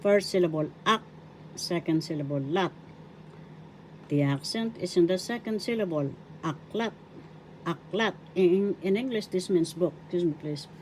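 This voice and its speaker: An older woman from the Philippines with a Filipino accent, teaching a language lesson slowly, spelling out each word by syllables and repeating it. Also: fairly low pitch, dark tone, a little hiss or hum, rough recording.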